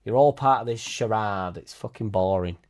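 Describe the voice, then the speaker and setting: A man's voice: lowish voice, moderate pace, darkish tone. A man ranting bluntly in a casual monologue, swearing freely and mimicking others in mocking voices. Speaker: football fan channel host.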